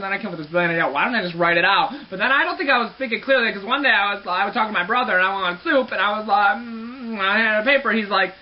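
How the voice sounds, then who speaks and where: A man with a high, girlish voice telling a personal story to camera in a playful, dramatic, sassy way. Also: racing, few pauses, muffled recording. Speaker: vlogger.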